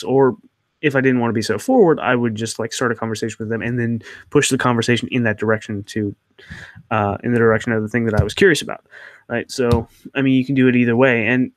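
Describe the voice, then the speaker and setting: A man's voice: mid-range voice, no room sound, studio quality. A young man hosting his channel, answering viewer questions in a rambling, hesitant way with many fillers and restarts. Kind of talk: casual Q&A chat.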